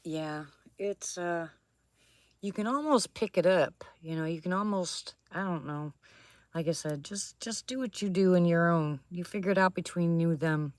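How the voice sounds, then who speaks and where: Broadcasting from her home attic, a woman hosts a livestream and reads out viewer chat, replying to people by name and laughing often. Her voice sits on the low side at a moderate pace, and the recording is dry.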